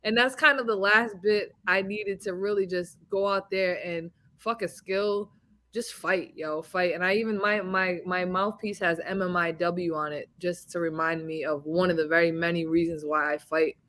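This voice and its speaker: A woman's voice: on the low side, moderate pace. A woman boxing champion talking in a casual interview over a video call, telling stories and acting out the voices of people she quotes. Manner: animated storyteller, acts out quoted dialogue.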